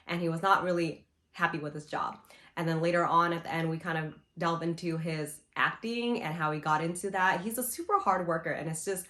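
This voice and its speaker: A woman's voice: fairly low pitch, fairly bright tone. A young woman chatting casually in a book review, gushing and rambling with lots of "you know" and "like". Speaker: book vlogger. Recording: roomy echo.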